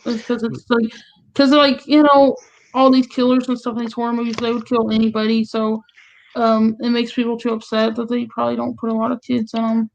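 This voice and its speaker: A woman's voice: a little high, level tone, brisk, gravelly. A woman from the American South co-hosting a movie review, chatty and full of "like" and "you know". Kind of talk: casual chat. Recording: dull lo-fi recording.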